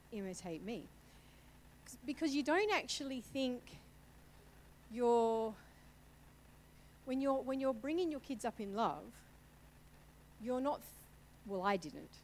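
A woman's voice: on the high side, a little hiss or hum, poor audio. A middle-aged woman speaking candidly and conversationally from a church stage, sharing a personal testimony. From Italian family background. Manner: candid, conversational, emotional at times.

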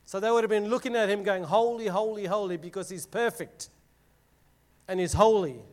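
A man's voice: high voice, moderate pace, darkish tone. A man giving a casual Bible teaching to a group, reading scripture dramatically and explaining it in plain words with fillers. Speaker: youth preacher.

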